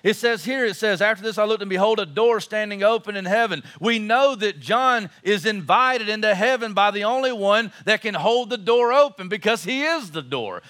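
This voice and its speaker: A man's voice: high-pitched, pushed and bright. A man preaching a sermon as pastor, impassioned and emphatic, repeating his phrases for force.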